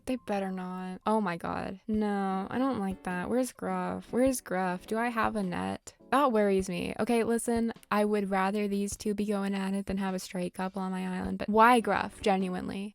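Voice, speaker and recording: Gravelly sarcastic woman gamer. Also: medium pitch. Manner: sarcastic, profane, rambling. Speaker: gaming YouTuber. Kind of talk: casual gameplay commentary. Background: faint game music.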